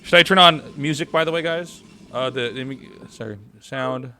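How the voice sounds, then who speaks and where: A man's voice: medium pitch, normal speed, bright, forceful tone, a little hiss or hum. A man hosting a live game stream in a casual, chatty way, thanking subscribers and swearing now and then. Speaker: stream host and caster.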